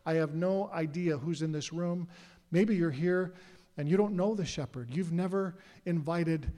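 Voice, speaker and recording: A man's voice: a little high, measured pace, dark tone. A middle-aged man, a pastor, preaching a sermon earnestly and asking the congregation questions. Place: church sanctuary. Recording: long hall reverb.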